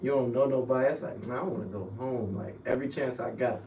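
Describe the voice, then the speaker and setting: A young man talks through his college football memories in easygoing slang. His voice sits at an ordinary pitch and often sinks quiet. He is heard from a little away in an echoey room with a faint hiss behind him. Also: fast talker. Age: young adult. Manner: laid-back storytelling with slang, drifts low and quiet. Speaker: former college football player, guest. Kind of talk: casual podcast chat. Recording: echoey room, mic at a distance, faint noise.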